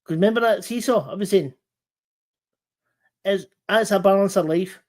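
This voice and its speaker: Earnest and halting, a high-pitched man hosts an easygoing livestream chat, his speech coming in bursts that keep restarting and repeating words.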